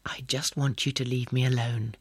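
A man reading an audiobook, voicing a young woman spy who is calm, cutting and quietly threatening. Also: medium pitch, normal speed, breathy edge, no room sound, clean studio sound. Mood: coolly menacing.

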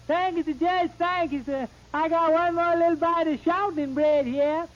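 A man's voice: very high-pitched, steady tone, normal speed, background noise. A man playing a meek, hungry defendant in a 1930s radio comedy, speaking in an ingratiating drawl. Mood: pleading. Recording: muffled old radio recording.

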